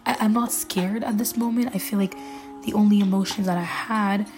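A woman telling a scary personal story in a casual, halting way, with many fillers and restarts. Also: medium pitch, steady tone, a little mellow. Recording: faint music underneath.

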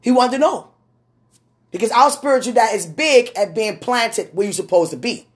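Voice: medium pitch, animated, normal speed. A prophetic minister speaking straight to a listener in a sermon podcast, emphatic and repeating key phrases. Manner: emphatic, repetitive, direct address.

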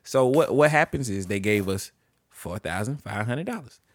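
A man's voice: lowish voice, expressive, normal speed, dry recording, clean studio sound. A man co-hosting a casual podcast chat, telling a story in a laid-back, joking, profane way. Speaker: podcast co-host.

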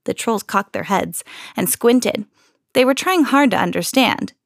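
A woman reading a children's storybook aloud in an expressive, storytelling manner. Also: a little high, unhurried, gravelly, dry recording, studio quality. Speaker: podcast host reading to children.

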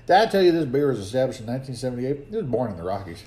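A man's voice: mid-range voice, big pitch swings, rapid-fire, warm tone. A man co-hosting a casual trivia drinking game, joking, swearing freely and laughing often. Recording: roomy room with faint noise.

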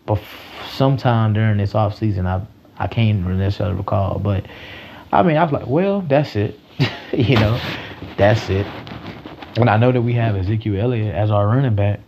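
Gravelly, low-voiced man ranting casually. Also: normal speed, a little mellow, lo-fi sound, a little hiss or hum. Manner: loose, profane, rambling with slang. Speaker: sports podcaster. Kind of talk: casual solo sports podcast rant.

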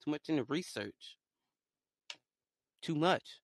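A young man talking casually in a rambling solo monologue, swinging between low mutters and loud excited outbursts. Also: slow, gravelly. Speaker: podcaster.

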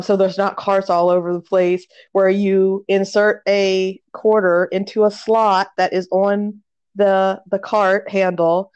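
A woman's voice: clear, resonant tone, highs cut off. A woman telling a funny story in a casual chat, laughing often and raising her voice when she acts it out. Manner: laughs a lot, animated retelling with pitch jumps.

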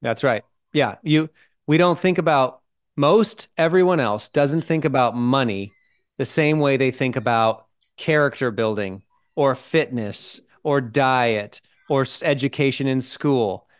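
A man's voice: medium pitch, measured pace, clean tone. A man co-hosting a podcast, explaining ideas in casual chat and checking in with "right?" and "okay?". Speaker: podcast co-host.

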